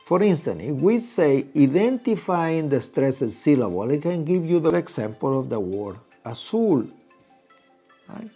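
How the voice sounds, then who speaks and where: A man's voice: on the high side, very animated, measured pace, dark tone, slightly rough, soft background music. A man teaching a lesson, patiently repeating key points and stretching out syllables. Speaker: Spanish teacher. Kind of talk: explaining at a whiteboard.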